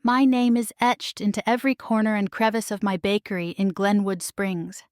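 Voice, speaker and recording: A woman voicing a calm motherly friend. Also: mid-range voice, normal speed, no room sound, clean studio sound, natural voice. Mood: caring. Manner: gentle, taking charge.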